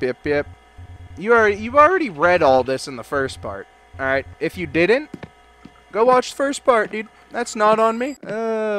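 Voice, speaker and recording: A man doing let's play commentary, loud and joking, swearing and talking back to game characters. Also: high voice. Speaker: gaming video creator.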